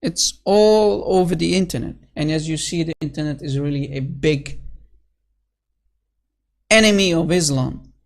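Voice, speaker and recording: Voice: mid-range voice, gravelly. A speaker giving a solo commentary, reading citations and numbers aloud, then scornfully mocking the passages with sarcastic asides and lots of "basically" and "you know". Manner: scornful, sarcastic, quick to sneer. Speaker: online religious critic.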